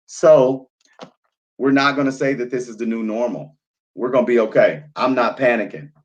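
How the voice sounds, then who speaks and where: Sipping wine on a live stream, this thirtysomething host talks casually and reads out what viewers write, frequently repeating himself and drifting off into fillers. His voice sits mid-range at a normal speed, and the recording has its highs cut off.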